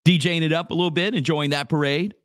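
A man's voice: on the high side, fairly even intonation, quick pace, no room sound. A man hosting a live radio morning show from a small office studio, talking in a laid-back, chatty way and reading sponsor plugs. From Louisiana. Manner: laid-back, chatty, says dude a lot. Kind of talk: casual live radio talk with ad reads.

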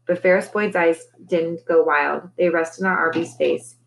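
A woman teacher reading a novel aloud to her class, relaxed, with conversational asides between chapters. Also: lowish voice, measured pace, creaky, slight background noise, poor audio.

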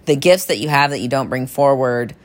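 Low-voiced, enthusiastic woman telling stories. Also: expressive, a little fast. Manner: enthusiastic, chatty, addresses listeners as y'all. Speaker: health practitioner treating patients. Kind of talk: casual storytelling monologue.

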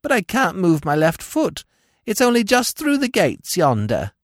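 A man's voice: high voice, huge pitch swings, a little slow, no echo, studio quality, pitched above the performer's own voice, heavily acted. A man voicing a whining old woman beggar with a sing-song, pleading voice in a narrated story. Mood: whining plea.

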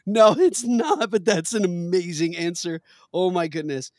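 Guy hosting a trivia game with buddies, slightly high voice, laughs a lot, dry mic. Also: measured pace, a little mellow, dry recording. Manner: playful, laughs often, reads questions aloud. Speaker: quiz game host. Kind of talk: casual game show hosting.

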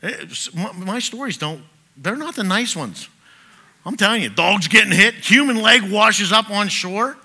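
A middle-aged man preaching with a very bright, forceful voice that sits a little high for a man. He tells his stories in an animated way, jumping from loud, punchy lines to hushed asides. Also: measured pace. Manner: animated storyteller, swings from loud bursts to quiet asides. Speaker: pastor. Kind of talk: sermon with personal anecdotes.

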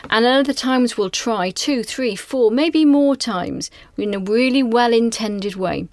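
A woman's voice: on the high side, unhurried, a little mellow, dry recording, clean studio sound. A woman giving earnest, reflective advice to school leaders, often asking rhetorical questions. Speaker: national director of school inspections. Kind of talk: advisory conversation.

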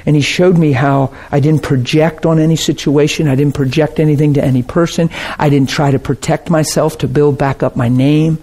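Emotional preacher man, slightly high voice. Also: fairly even intonation, moderate pace, few pauses. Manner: emotional storytelling with swings from soft to loud. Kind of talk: sermon testimony.

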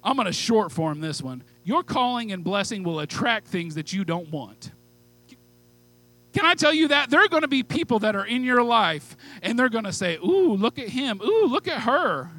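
Fervent high-voiced preacher man. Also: sing-song, normal speed, low-quality recording. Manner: fervent preaching, pleading asides, shifts from loud to hushed. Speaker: pastor. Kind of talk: sermon.

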